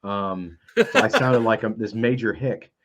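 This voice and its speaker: A man's voice: on the low side, measured pace, heavy background noise. A middle-aged man telling stories on a casual panel, rambling with many fillers and restarts. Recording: dull lo-fi audio.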